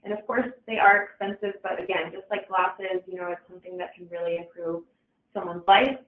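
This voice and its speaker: A woman's voice: fairly low pitch, flat delivery, brisk. A woman giving an informal webinar presentation, casual, with frequent fillers and restarts. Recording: echoey, distant, phone-like webinar audio.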